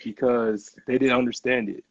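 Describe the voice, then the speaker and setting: A young man in casual conversation, earnest and halting, stumbling over his first words. His voice has a gravelly edge, close and dry, on slightly muffled podcast audio. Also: mid-range voice, steady tone, dry recording. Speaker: podcast host.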